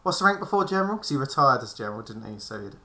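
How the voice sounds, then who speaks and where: A man's voice: mid-range voice, big pitch swings, rapid-fire, background noise. A man playing a tabletop role-playing game, bantering in a jokey way and laughing often. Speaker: player.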